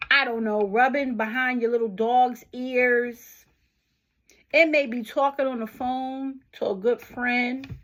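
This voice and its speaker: A middle-aged woman talking casually and unhurriedly to her viewers, asking them questions as she encourages them. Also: sits high. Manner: unhurried, conversational, asks the listener questions. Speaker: vlogger. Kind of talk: casual motivational talk to camera.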